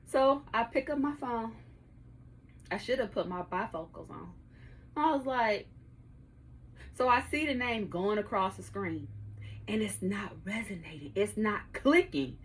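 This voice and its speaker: A woman's voice: medium pitch, lively intonation, unhurried, pauses often, a little hiss or hum. A woman in her thirties hosting her own podcast, telling a story to her listeners in a casual, profane way and laughing often, recorded in her home studio. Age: 30s. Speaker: podcast host.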